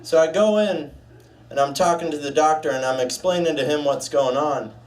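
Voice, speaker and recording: Deadpan young man doing stand-up. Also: moderate pace, distant mic. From United States. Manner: deadpan, dark jokes, puts on a gruff low voice for the doctor. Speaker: stand-up comedian. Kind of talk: stand-up set at open mic. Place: small bar stage.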